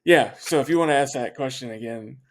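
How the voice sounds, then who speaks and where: A man's voice: medium pitch, a little fast. A man who owns a franchise, interviewed as a podcast guest, explaining his business in a confident, conversational way with many fillers and restarts. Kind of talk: candid interview talk.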